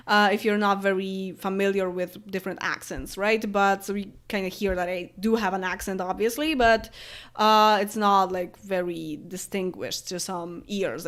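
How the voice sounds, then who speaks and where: With a mid-range, slightly bright voice, a Polish woman in her late twenties chats with her viewers and replies to their comments. The YouTuber rambles in her Polish accent, using many fillers and laughing easily.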